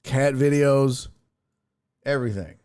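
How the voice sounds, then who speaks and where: A man's voice: medium pitch, takes it slowly, darkish tone, clean tone. A man hosting a livestream, chatting casually and swearing freely. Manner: laid-back, profane, chatty. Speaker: livestream sports talk host.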